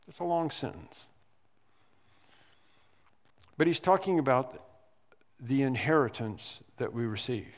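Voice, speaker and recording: Slow, deliberate preacher man in a reverberant hall. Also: medium pitch. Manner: deliberate, emphatic, stresses single words. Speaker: pastor. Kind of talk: expository sermon. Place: church sanctuary.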